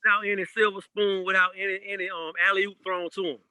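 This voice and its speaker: Bright, lively man telling stories. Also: high-pitched, fast talker, smooth, dry recording, poor audio. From Georgia, USA. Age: adult parent. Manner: animated storyteller, laughs through anecdotes. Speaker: guest DJ. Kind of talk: casual podcast storytelling.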